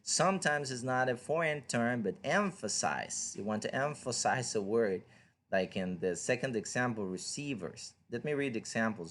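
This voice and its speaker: A man's voice: fairly low pitch, unhurried. A man whose first language is Spanish, teaching an online English reading lesson in a patient, explanatory way and asking the listener questions. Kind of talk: online lecture.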